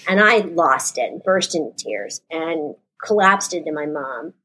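Husky, low-voiced woman in her 50s. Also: expressive, unhurried, bright, forceful tone. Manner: rambling, self-correcting recollection. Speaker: actress guest. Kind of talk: emotional storytelling.

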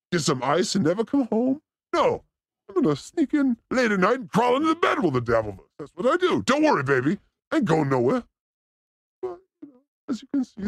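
A man's voice: gravelly, no echo, studio quality. A man hosting a show, delivering a rambling, joking comedic monologue. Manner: animated, joking, pitch swooping up and down. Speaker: host.

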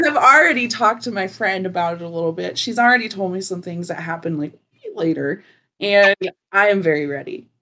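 A woman's voice: medium pitch, fairly quick, bright, forceful tone. A woman guest on a podcast, chatting casually and leaning on "like" as she talks. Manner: chatty, full of "like" fillers.

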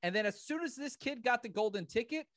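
A man from the Southern United States co-hosting a podcast in casual chat, ranting with animated laughs. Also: very high voice, brisk, no room sound, clean studio sound. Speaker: podcast co-host.

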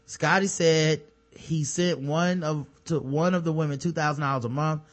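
A man's voice: on the high side, fairly even intonation, moderate pace. A man co-hosting a podcast, reading news items aloud and breaking off with sarcastic, profane remarks in casual chat. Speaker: podcast co-host.

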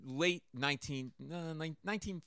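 A man's voice: on the high side, normal speed, clear, resonant tone, no room sound. A man, a comedian guest in a radio studio, telling rambling stories and acting out the voices in them. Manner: animated, rambling, acts out voices in his stories. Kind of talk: storytelling anecdote in a radio interview.

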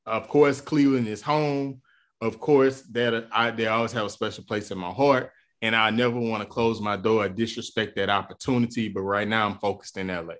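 A man speaking as a famous basketball star giving a calm, diplomatic press answer. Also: on the low side, natural voice. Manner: measured, diplomatic.

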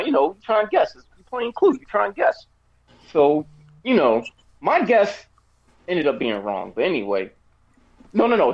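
Lively rambling man reviewing a movie. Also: a little high, dull audio. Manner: animated, rambling, frequent fillers and restarts. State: has the hiccups. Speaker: podcast co-host giving a movie review. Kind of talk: casual chat.

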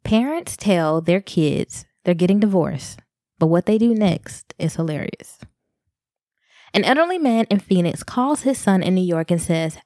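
A woman co-hosting a casual chat, easygoing and quick to giggle, reading a joke story aloud. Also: fairly low pitch, lively intonation, warm tone, dry recording, studio quality. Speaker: podcast co-host.

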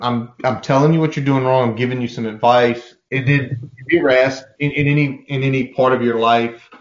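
A man co-hosting a casual sports podcast, talking in an animated, profane way and acting out quoted voices. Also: medium pitch, lo-fi sound. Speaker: podcast co-host.

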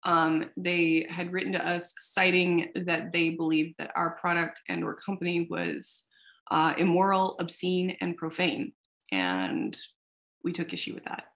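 A woman founder talking casually in an interview, telling a story with animated, acted-out quotes and casual swearing. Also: on the low side, a little slow. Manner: animated storyteller who acts out quoted dialogue. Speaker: founder of a sex tech company, podcast guest.

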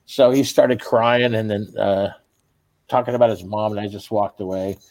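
A man, a stand-up comedian, telling profane, animated anecdotes in casual chat with fellow comics. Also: lowish voice, normal speed, dry recording. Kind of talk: casual storytelling among comics.

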